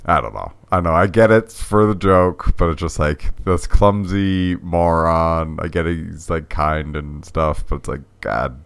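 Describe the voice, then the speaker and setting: Male co-host, very low voice, dry close mic, hesitant filler-heavy casual talk. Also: vocal fry, clear, resonant tone, no room sound. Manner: halting, filler-heavy, self-deprecating. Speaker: podcast co-host. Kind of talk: casual chat. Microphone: podcast mic.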